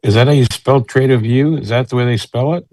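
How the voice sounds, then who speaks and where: A man's voice: medium pitch, a little fast, mellow, dry recording. A man in a casual chat, puzzled and asking questions for help. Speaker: community member asking for help.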